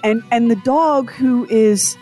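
A woman's voice: fairly high pitch, slow, faint music behind. A woman co-hosting a radio show, telling a story in casual chat and acting out quotes and sounds as she goes. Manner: animated storyteller, acts out quotes and sound effects.

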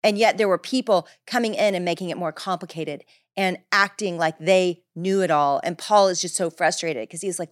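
A woman teaching through a Bible passage in an animated, lively way. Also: moderate pace, hardly any pauses, no echo, studio quality. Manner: lively, animated, acts out Paul's voice with big pitch jumps.

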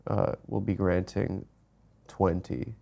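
A man's voice: low-pitched, flat delivery, slow pace, gravelly, dark tone. A man in his thirties co-hosting a comedy podcast, needling and ironic in casual chat. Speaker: podcast co-host.

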